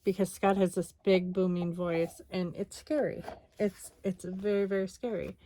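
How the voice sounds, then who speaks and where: A woman's voice: lowish voice, steady tone, normal speed, warm tone, no echo. An exhausted woman chatting casually while she crafts, rambling with lots of fillers. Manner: rambling, tired, many fillers. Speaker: scrapbooking vlogger.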